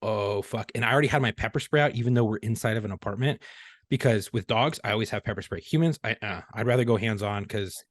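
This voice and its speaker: A man's voice: on the low side, quick pace, dry recording. A man, a former police officer, telling a story casually and profanely on a podcast. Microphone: podcast studio mic.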